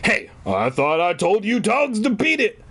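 A man's voice: medium pitch, very animated, very slow, exaggerated voice. A man voicing a stern suburban father who sharply orders dogs out of his yard. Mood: angry.

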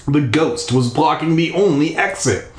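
A man's voice: fairly high pitch, lively intonation, a little slow. Crude man reading in an echoey bathtub. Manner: crude, rambling asides. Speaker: storybook reader. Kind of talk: casual crude reading aloud. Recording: echoey bathroom.

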